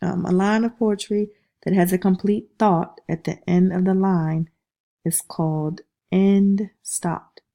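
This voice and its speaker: A woman's voice: fairly low pitch, steady tone, slow pace, vocal fry, mellow. A woman teaching a class who keeps checking in with "okay?" and taps out rhythms aloud. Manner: checks understanding with repeated "okay?". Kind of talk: classroom lecture.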